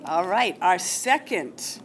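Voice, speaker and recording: A woman's voice: lowish voice, animated, takes it slowly, a little hiss or hum. A woman running a school award ceremony, chatty and informal, reading teacher nominations aloud. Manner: chatty, informal asides with fillers. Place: school hall or classroom.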